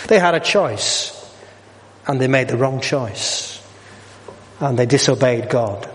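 In a church with long, hall-like reverb, a middle-aged man preaches slowly in a medium-pitched, animated voice, leaving long pauses. He poses questions to the congregation and slips jokes into his sermon.

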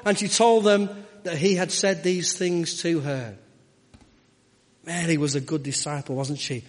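A man's voice: high-pitched, normal speed, in a large hall. A man preaching a sermon and leading prayer, with rhythmic repeated phrases and rhetorical questions. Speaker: pastor. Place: church.

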